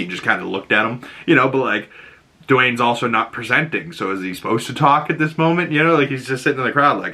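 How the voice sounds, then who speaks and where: A man hosting a casual pop-culture chat, excitable and rambling, with lots of "like" and "you know". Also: mid-range voice, fairly quick. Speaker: podcast host.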